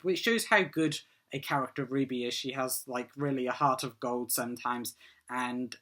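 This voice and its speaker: A man's voice: medium pitch, sharp tone. A man giving a casual solo review of a TV episode, rambling and eager, with many "um"s and "like"s.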